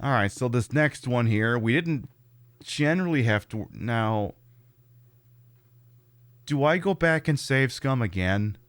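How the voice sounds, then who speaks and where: A man's voice: mid-range voice, expressive, slow pace, long pauses, clean tone, dry recording. A man with a North Jersey accent giving casual, joking and profane commentary while streaming a game. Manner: profane, joking, talks to chat.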